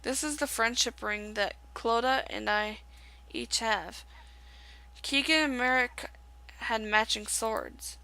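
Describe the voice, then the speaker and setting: A woman's voice: on the high side, takes it slowly, creaky, pushed and bright, exaggerated voice, poor audio. A woman reading the lines of a worried, kind young man from a game, in her own voice. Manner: reading game dialogue aloud.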